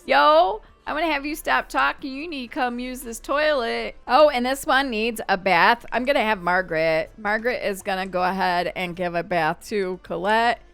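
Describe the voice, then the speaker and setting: A woman casually narrating a life-simulation game, chatty and expressive, talking to the characters and the game as she plays. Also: a little high, normal speed, hardly any pauses, clear, resonant tone, soft background music. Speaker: game streamer. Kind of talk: casual let's-play narration.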